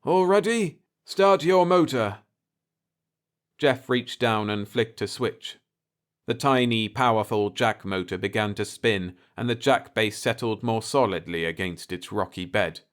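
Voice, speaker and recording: A man narrating a bedtime story in a calm, unhurried way. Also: on the low side.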